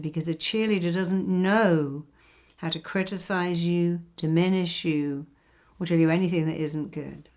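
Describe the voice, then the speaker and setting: Older English woman therapist, lowish voice. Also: fairly even intonation, normal speed, darkish tone. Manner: acts out quoted critics and cheerleaders. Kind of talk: guided self-help talk.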